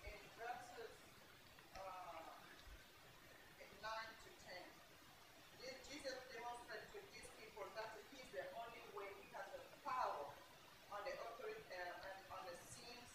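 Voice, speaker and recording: Distant echoey woman speaking up in class. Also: mid-range voice. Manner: hesitant, halting with fillers. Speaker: class participant. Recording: very echoey, far from the mic, noisy.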